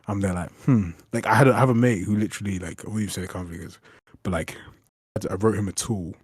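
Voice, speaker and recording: Talking fast in a husky, fairly low voice, a young man who develops games rambles through stories on a casual stream, swearing and recounting them with animation. The recording is dry and studio quality.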